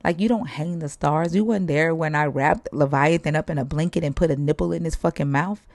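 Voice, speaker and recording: A woman's voice: sits low, a little mellow, no echo. Woman putting on a foul-mouthed Brooklyn mob-boss God. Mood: scornful. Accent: put-on Brooklyn mob accent. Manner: profane, fast and scornful. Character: brash mob-boss style male God, profane and dismissive.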